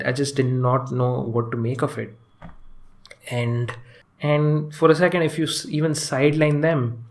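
Casual male film reviewer, mid-pitched, hesitant delivery, lots of restarts and filler words. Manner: halting and hesitant, frequent restarts and fillers, chuckles often. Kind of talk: casual spoken movie review.

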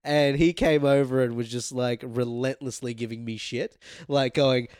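A man's voice: medium pitch, normal speed, few pauses, a little mellow, no room sound, clean studio sound. A man telling a story in casual podcast chat, laughing often and swearing freely. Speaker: podcast guest, former chef.

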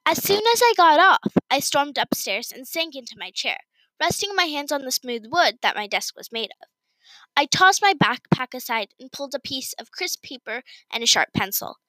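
A woman reading her own story aloud in first person, with an expressive, excited delivery. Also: high voice, moderate pace, no room sound, rough recording.

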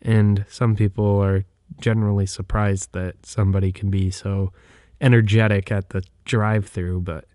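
A young man talks through his own podcast in a casual solo monologue, with a somewhat low voice. He hesitates often, trips over words and restarts his sentences. The sound is close and dry, with no room around it. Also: flat delivery, moderate pace, dark tone, no echo. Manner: hesitant, frequent restarts and self-corrections. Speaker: podcast host. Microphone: microphone.

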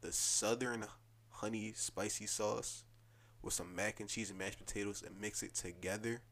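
A young man co-hosting a podcast, telling food stories in animated slang with mock emotion. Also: lowish voice, normal speed, gravelly. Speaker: podcast co-host. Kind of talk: casual chat.

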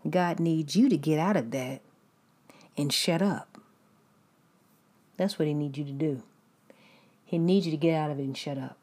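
Woman preacher, low husky voice, blunt, emphatic, repeats her points. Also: normal speed, pauses often, mellow. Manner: blunt, emphatic, repetitive, laughs often.

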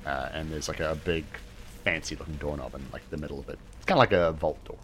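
A man narrating as game master for a tabletop game, halting often with fillers and restarts. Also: extremely low pitch. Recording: steady background hiss.

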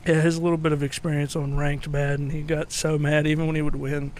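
A man's voice: a little high, fairly quick. A young man chatting casually about video games as a podcast co-host, swearing and laughing as he tells stories. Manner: profane, laughing, animated storytelling. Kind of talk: casual gaming chat.

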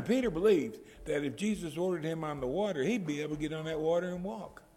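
A man's voice: a little high, brisk, a little mellow. A man preaching a sermon, retelling the story and building to emphatic outbursts. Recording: long reverb of a large hall.

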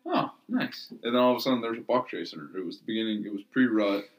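A man co-hosting a podcast, telling stories in a relaxed way with casual swearing. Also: lowish voice, very fast. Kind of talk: casual chat.

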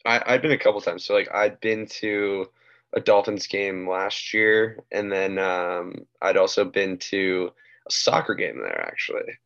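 A laid-back man with a low, gravelly voice, chatting casually on a podcast. He laughs along and often trails off. His mic sounds dull and muffled. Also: unhurried, fairly bright tone. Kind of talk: casual chat.

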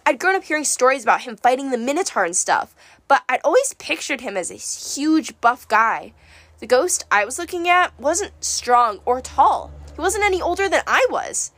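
A woman narrating a first-person story in a wry, lively way. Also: high-pitched, normal speed, dry recording. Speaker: audiobook narrator.

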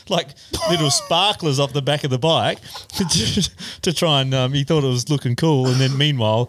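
A man's voice: mid-range voice, moderate pace, few pauses, a bit bright, a little hiss or hum. A man chatting casually on a podcast, telling riding stories and laughing often. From Australia. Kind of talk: casual chat.

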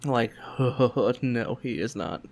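A man's voice: extremely slow, slight background noise. A man, telling a family story in casual chat and acting out the quotes in raised voices. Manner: animated, acts out quotes in higher voices, laughs often. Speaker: podcast host.

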